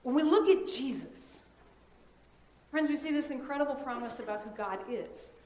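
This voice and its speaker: A woman pastor preaching a sermon in an earnest, conversational way, with dramatic pauses. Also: high voice, lively intonation, a little mellow. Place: church sanctuary. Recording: echoey church sanctuary.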